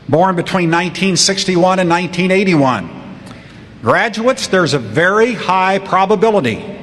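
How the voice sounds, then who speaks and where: A man in his sixties giving a humorous commencement speech, telling stories with a wry, deadpan manner, recorded in a large ceremony hall. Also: high-pitched, slight background noise. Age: 60s. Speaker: commencement speaker. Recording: long hall reverb, faint crowd ambience.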